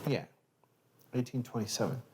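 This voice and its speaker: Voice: medium pitch, moderate pace, background noise. A host with a Southern accent chatting casually and reading aloud to viewers, rambling and easily sidetracked. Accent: American Southern. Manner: sips bourbon between readings. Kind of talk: casual chat and poetry reading.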